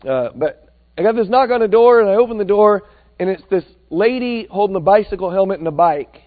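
A man preaching a sermon that is full of stories, animated, swinging between loud and hushed. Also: sits high, a little fast. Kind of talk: sermon with storytelling. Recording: tinny phone-like sound.

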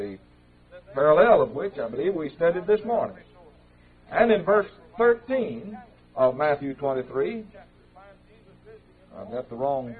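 A man teaching an evening Bible class in a church, speaking in a measured, conversational way with small slips and restarts. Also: a little high. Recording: tinny, narrow-band old tape recording.

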